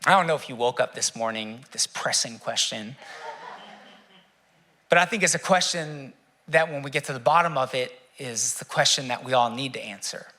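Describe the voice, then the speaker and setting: A male pastor preaching a sermon, reflective, asking rhetorical questions with dramatic pauses. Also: medium pitch, pushed and bright.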